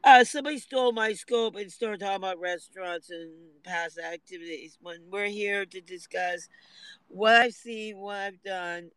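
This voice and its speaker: Very high-voiced man ranting on a livestream. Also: normal speed, a bit bright, clear, resonant tone, no room sound, rough recording. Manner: aggrieved, complaining, swings into tearful outbursts. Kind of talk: rambling livestream monologue. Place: parked car in hot sun.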